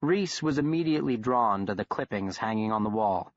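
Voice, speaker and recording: Male audiobook narrator, steady and even. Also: on the low side, normal speed, hardly any pauses, no room sound. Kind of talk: scripted narration. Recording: dull, dry studio recording.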